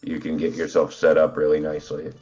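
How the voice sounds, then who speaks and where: Very deep congested man on speakerphone. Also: a little fast, soft background music. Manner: rambling, relaxed, hesitant with fillers. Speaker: guest player. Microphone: phone on speaker. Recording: dull lo-fi phone speaker audio.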